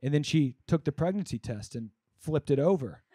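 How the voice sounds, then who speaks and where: A young man doing a stand-up comedy set in a comedy club, rambling conversationally with lots of fillers and bursting into louder punchlines. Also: fairly high pitch, expressive, moderate pace, slightly rough, no room sound, studio quality.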